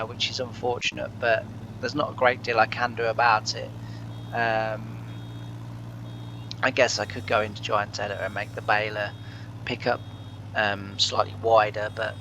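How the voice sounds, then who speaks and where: A man's voice: mid-range voice, background noise. A man hosting a farming game let's play from his living room, chatting casually with lots of fillers and chuckles. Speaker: gaming channel host.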